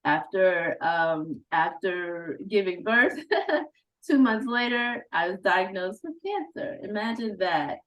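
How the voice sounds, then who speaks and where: A woman as outgoing conference president giving a heartfelt, halting thank-you speech, fighting back tears. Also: medium pitch, lively intonation, rough recording. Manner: heartfelt, halting, with fillers and laughs.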